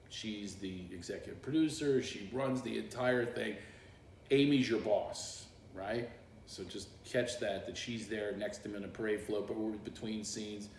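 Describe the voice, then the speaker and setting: A middle-aged man, a comedian, telling stories in casual chat on a live stream, animated and full of voices. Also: on the low side, slight background noise. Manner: animated storyteller, does voices and bursts into song. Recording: echoey room.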